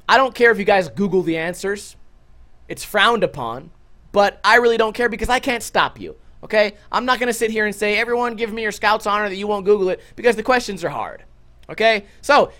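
A young man hosting a livestream, telling stories to his chat in a casual, profane, animated way and jumping into loud quoted outbursts. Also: high-pitched. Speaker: livestream host.

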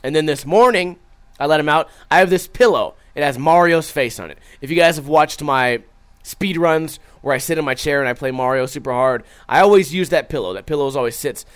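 A man's voice: a little high, a little fast, smooth. A young man streaming, chatting casually and profanely, acting out his stories and reading viewer comments. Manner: profane, animated, acts out his own stories.

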